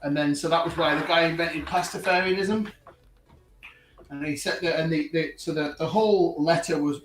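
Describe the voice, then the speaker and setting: A man rants with lively energy on a casual online panel. His voice sits a little high and sounds set back from the mic, in a room with plenty of echo. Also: recorded from a distance. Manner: animated ranting, laughing at his own story. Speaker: panel guest.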